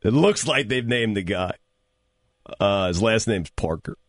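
A man co-hosting sports talk radio, quick and teasing, laughing often. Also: fairly low pitch, animated, no echo, studio quality.

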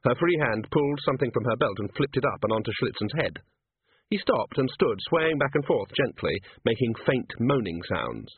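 A man narrating a story in a lively storytelling manner. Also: medium pitch, normal speed, slight background noise. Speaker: audiobook narrator. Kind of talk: scripted narration. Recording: tinny phone-like dry recording.

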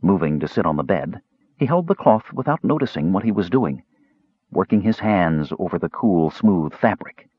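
A man narrating a fantasy audiobook in an expressive storytelling manner, in a dull, dry recording. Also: deep voice, moderate pace, husky, no room sound.

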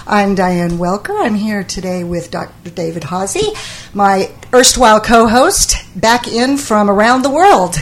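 A woman's voice: medium pitch, animated, unhurried. A woman hosting a health talk show, chatty and playful with her co-host. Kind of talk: casual radio talk.

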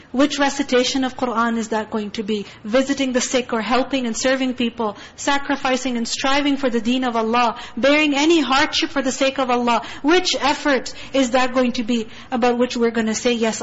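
A woman giving a Quran tafsir lesson, earnest and full of rhetorical questions, reciting Arabic verses quickly between her explanations. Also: on the high side, fairly even intonation, highs cut off. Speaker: Quran teacher.

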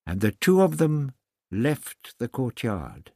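With a mid-range voice, a man delivers scripted audiobook narration in a measured, expressive manner. The recording is dry and has clean studio quality.

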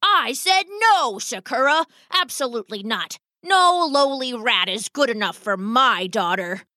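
A woman's voice: a little high, expressive, a little slow, pushed and bright, no room sound, studio quality. A woman voicing an old, pompous, dramatic male rat father in a storybook tale, blustering and theatrical. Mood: indignant.

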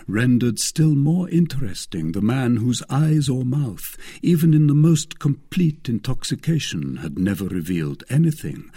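A man reading a classic novel aloud as narrator, in an expressive, measured way. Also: mid-range voice, breathy edge. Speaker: audiobook narrator. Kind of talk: scripted narration.

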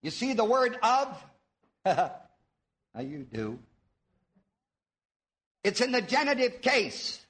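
A man's voice: very high voice, big pitch swings, slow pace, long pauses, fairly bright tone. A man preaching a sermon, teaching his audience, asking them questions and drawing out the words he wants to stress. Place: church before a live audience.

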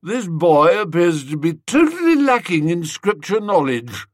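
A man voicing a pompous young gentleman who hands out school prizes in a cold, blustering, accusing manner. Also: high voice, very animated, a little slow, dry recording, studio quality, voice pushed up, heavily acted.

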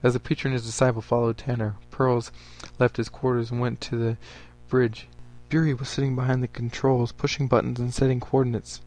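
A man reading a story aloud for a podcast in a steady, even manner. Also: medium pitch, a little fast, few pauses.

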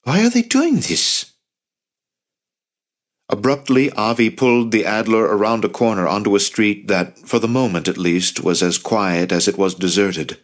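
A man narrating an audiobook in a steady, measured reading voice. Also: fairly low pitch. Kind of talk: scripted narration.

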